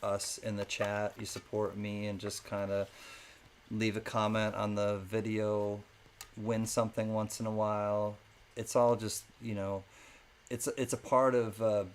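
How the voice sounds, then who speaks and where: A man's voice: lowish voice, a little hiss or hum. Chatty male live-stream auctioneer. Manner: chatty, thanks viewers by name, drops into sing-song calls.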